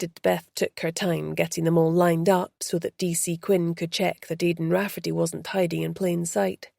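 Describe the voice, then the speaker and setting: A woman narrating an audiobook in an even, measured reading on a close mic. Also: on the low side, gravelly, no echo.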